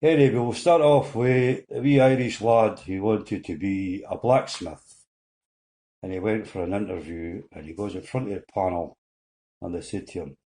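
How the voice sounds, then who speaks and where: An older Scottish man spinning one joke after another in a relaxed, folksy way, popping into small voices for each character. His voice is low and dark, with a warm, mellow tone. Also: moderate pace. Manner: folksy storyteller doing little character voices. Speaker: comedian telling jokes. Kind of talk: seated joke telling.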